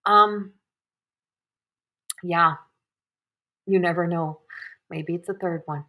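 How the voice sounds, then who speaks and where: Bright-voiced woman giving a psychic reading. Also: lowish voice, fairly even intonation, slow, slight background noise. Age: 30s. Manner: soft, emotional, tearful at times, frequent sighs. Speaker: psychic medium host. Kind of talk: live-streamed reading, casual chat.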